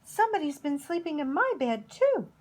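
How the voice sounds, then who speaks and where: A woman's voice: high-pitched, big pitch swings, moderate pace, a little hiss or hum, voice pushed up. A woman voicing a fussy, surprised mother bear who talks in raised exclamations.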